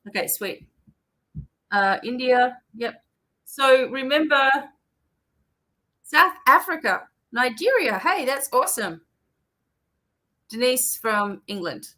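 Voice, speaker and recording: Australian woman, chatty stream host, bright and unhurried, reads out viewer shout-outs. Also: high-pitched, big pitch swings, low-quality recording. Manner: chatty, reads out viewer names and places, drawn-out fillers. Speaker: psychic reader hosting a live stream. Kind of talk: casual live-stream chat greeting viewers.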